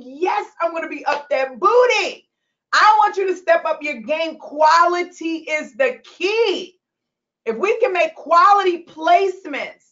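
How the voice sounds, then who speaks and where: A woman's voice: very high-pitched, lively intonation, unhurried, fairly bright tone, muffled recording. A woman coaching recruitment business owners, talking passionately and emotionally on a recorded call. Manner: passionate, preachy, laughs and tears up. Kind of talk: emotional motivational call replay.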